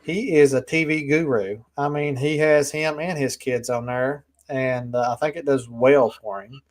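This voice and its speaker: A man's voice: mid-range voice, steady tone, measured pace. A man, co-hosting a casual chat and telling stories in a folksy, laid-back way. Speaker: podcast co-host.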